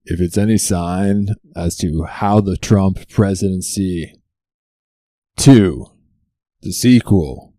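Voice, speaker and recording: A man with a low, dark voice riffs through a sarcastic comedy monologue as the show's host. He leans on rhetorical questions and unhurried timing. The sound is dry and close. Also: dry recording. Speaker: comedy talk show host. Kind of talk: stand-up style topical monologue.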